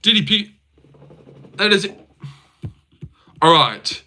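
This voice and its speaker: A man's voice: sits high, expressive, slow pace, sharp tone. A young man hosting a casual livestream, bantering with his chat in a crude, teasing way and swearing often. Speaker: livestream host.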